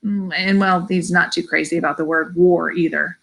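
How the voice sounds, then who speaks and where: A woman's voice: on the low side, steady tone, moderate pace, vocal fry, a bit bright. A woman reading a middle-grade novel aloud, adding chatty asides that explain phrases to her listeners. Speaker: audiobook reader.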